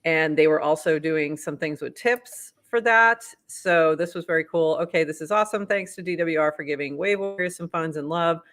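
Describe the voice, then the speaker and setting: Bright, chatty podcast host with a Boston accent. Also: medium pitch, normal speed, hardly any pauses. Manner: upbeat, chatty, laughs easily. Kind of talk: casual podcast chat, reading posts aloud.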